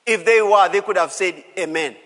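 A man's voice: sits high, normal speed, a bit bright, long reverb tail. A man preaching a sermon as pastor, emphatic, repeating key phrases and calling out to the congregation. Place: church hall.

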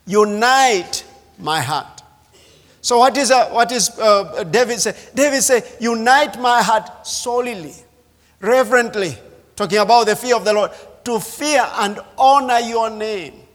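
A man preaching a sermon as pastor, slow and emphatic, repeating key phrases. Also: high voice, fairly bright tone. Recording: reverberant hall.

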